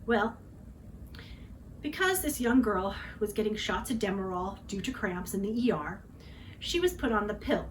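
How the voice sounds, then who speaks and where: A woman's voice: mid-range voice, expressive, moderate pace, pauses often, slight background noise, rough recording. A woman in her forties telling a personal story in a dramatic, chatty way, often adding tag questions. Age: 40s. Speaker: vlogger.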